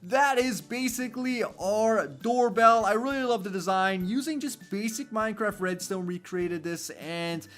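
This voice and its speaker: A man's voice: high-pitched, unhurried, few pauses, a bit bright. A young man casually narrating a Minecraft building tutorial, chatty and full of fillers like "basically" and "go ahead". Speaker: Minecraft let's-play host.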